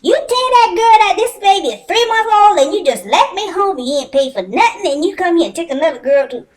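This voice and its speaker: A woman voicing a furious young mother who loudly scolds the man who left her at home with their baby. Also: extremely high pitch, big pitch swings, a little fast, voice pushed up. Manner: loud scolding, confrontational.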